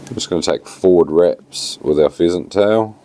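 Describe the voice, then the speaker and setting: A low-pitched man with a New Zealand accent speaks at normal speed, casually explaining a fly tying tutorial. He sounds relaxed and plain-spoken, leaning on plenty of fillers.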